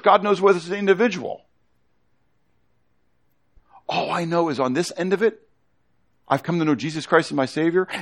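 This man's voice sits high as he delivers a lively Bible study sermon to his congregation, continually quizzing the room and drawing the children in.

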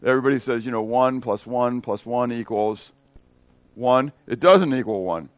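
This expository sermon comes from a male pastor with a mid-range voice speaking at a normal speed, with no room sound audible. Going verse by verse, he animatedly questions the congregation and dramatizes the dialogue in different voices.

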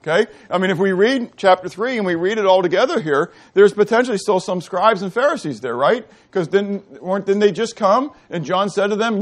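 A middle-aged man preaching a sermon, asking the congregation questions and answering them himself, moving between loud and quiet delivery. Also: high voice, expressive, fairly quick. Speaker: pastor. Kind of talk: sermon teaching.

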